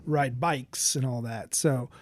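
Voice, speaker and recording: A man's voice: medium pitch, takes it slowly, no echo. A man who is an art professor, chatting casually as an interview guest and laughing often.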